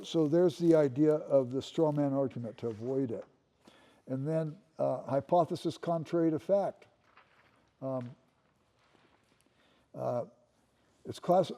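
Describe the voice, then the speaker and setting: A man's voice: a little high, mellow. An older man giving a conversational classroom lecture, musing aloud and repeating words as he restarts.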